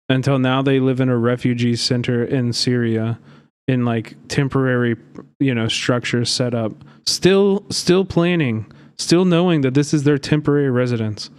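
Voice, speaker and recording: A man's voice: medium pitch, darkish tone, smooth. A young man streaming live, giving heated, rambling commentary and swearing often.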